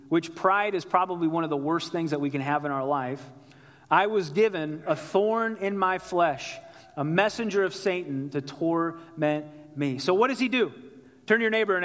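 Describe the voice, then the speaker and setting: A man's voice: high-pitched, long reverb tail. A man preaching as a pastor, telling a personal story in a loose, conversational way and calling out to the congregation. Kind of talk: sermon.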